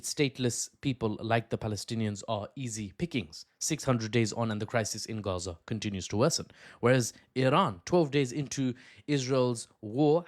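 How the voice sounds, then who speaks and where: Quick, joking man commenting on news. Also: medium pitch. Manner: quick, digressive, joking asides. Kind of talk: casual political commentary video.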